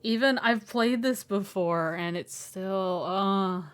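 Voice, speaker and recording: A woman streaming a game, chatting in a halting, casual way full of fillers. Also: mid-range voice, smooth. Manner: halting, full of likes and you-knows. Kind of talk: casual gameplay commentary.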